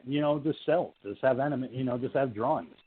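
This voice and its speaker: A man co-hosting a podcast, chatting casually about a horror film, animated and profane, mocking the characters. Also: mid-range voice, fast talker, husky. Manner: animated, swearing, mocking characters in silly voices. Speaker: podcast co-host. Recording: tinny phone-like audio.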